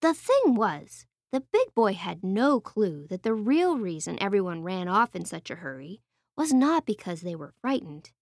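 A woman reading a children's picture book aloud in a playful, expressive way. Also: mid-range voice, moderate pace, no echo, studio quality. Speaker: storyteller.

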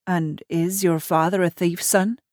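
A woman's voice: fairly low pitch, steady tone, unhurried, a little mellow, no room sound, studio quality, close to an everyday voice. A woman voicing a grown male cooper who speaks plainly and kindly to a sick child. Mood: steady.

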